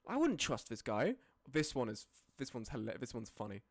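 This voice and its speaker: A streamer casually ranking images, often breaking into high laughing fits and then dropping into low, sweary mutters. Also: sing-song, normal speed, dry recording. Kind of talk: casual live-stream commentary.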